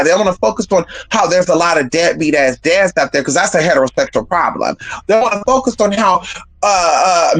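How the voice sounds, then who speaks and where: A woman's voice: on the low side, low-quality recording. Woman streamer rambling casual and blunt, swears a lot, repeats herself for emphasis. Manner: blunt, profane, emphatic repetition. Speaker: livestream host. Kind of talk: casual livestream talk.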